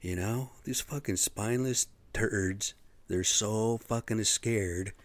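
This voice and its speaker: A man's voice: on the low side, slow, no room sound. A middle-aged man talking in a blunt, profane, rambling monologue, getting worked up as he goes. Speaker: vlogger.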